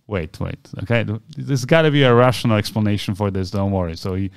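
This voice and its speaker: Man, podcast co-host, lively storyteller, smooth clear voice, dry close sound. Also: lowish voice, fast talker, dry recording. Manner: animated storyteller acting out quoted voices. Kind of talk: casual storytelling chat.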